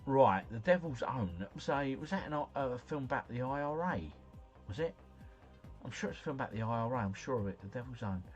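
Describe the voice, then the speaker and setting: A man's voice: mid-range voice, lively intonation, a little fast, faint music behind. A man hosting a livestream, casually thinking aloud through quiz answers in a slangy, rambling way. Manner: chatty, musing aloud, slangy. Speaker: livestream host.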